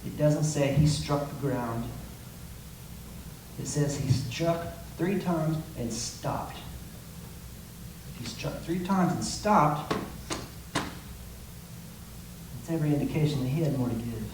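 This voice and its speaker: A man's voice: on the high side, slow pace, pauses often. A man preaching a sermon as pastor, with impassioned delivery and acted-out quotes, recorded from a distance in a church. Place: church sanctuary. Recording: echoey room, mic from a distance, faint noise.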